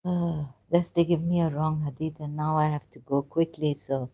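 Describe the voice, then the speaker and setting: Woman, low voice, mellow tone, halting and emotional. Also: fairly even intonation. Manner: emotional, searching aloud, halting with fillers. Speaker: ex-Muslim commentator. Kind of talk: casual commentary reading scripture.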